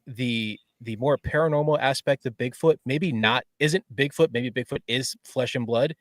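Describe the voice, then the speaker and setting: A man talks through his thoughts calmly and asks a guest a considered question, with the odd dry quip. His pitch is ordinary for a man. The recording is dry and close. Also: moderate pace, no room sound. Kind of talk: casual interview chat.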